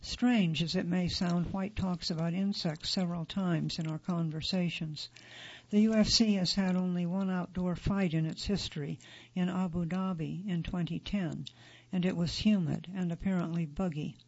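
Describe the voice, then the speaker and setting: A man reads a magazine feature aloud in a steady, neutral way. His voice sits high and carries a gravelly edge. The recording is dull and lo-fi. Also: normal speed. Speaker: article narrator. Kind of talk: scripted narration of a magazine feature.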